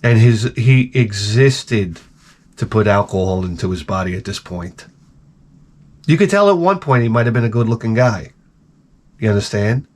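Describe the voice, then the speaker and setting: A man telling stories in a casual, profane monologue, animated and acting out the people he quotes. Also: on the low side, moderate pace. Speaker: video creator.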